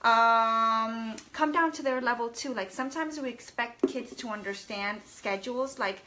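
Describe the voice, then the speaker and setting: A woman's voice: on the high side, unhurried, hardly any pauses, very noisy. A woman in her thirties chatting casually to camera as a parenting vlogger, rambling a little with fillers and restarts.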